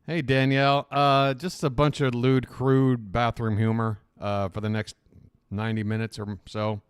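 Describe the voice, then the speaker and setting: A man's voice: medium pitch, level tone, a little slow, smooth, dry recording, studio quality. A man hosting a live reaction stream, chatting casually and joking, with a slight lisp and self-conscious asides.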